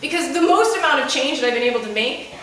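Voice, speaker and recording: A woman telling a comic story live on stage before an audience, animated, exasperated and self-mocking. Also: sits high, fast talker, far from the mic, noisy background. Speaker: comedic storyteller. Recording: echoey room picked up from afar.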